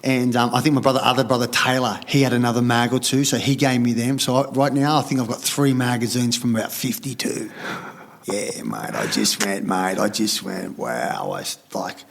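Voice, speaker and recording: A man's voice: mid-range voice, normal speed, gravelly. A middle-aged Australian man telling his story in casual conversation, blunt and swearing freely. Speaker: podcast guest.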